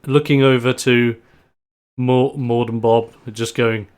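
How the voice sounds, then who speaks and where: A man's voice: mid-range voice, level tone, slow pace, a little mellow, smooth. A man narrating as game master in a loose, laughing storytelling manner.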